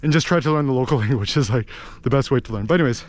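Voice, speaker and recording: An American man talking in a rambling, animated way as he vlogs outdoors in a village, with lots of fillers. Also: medium pitch, very fast, dry recording. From United States. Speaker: vlogger. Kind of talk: casual walking vlog monologue.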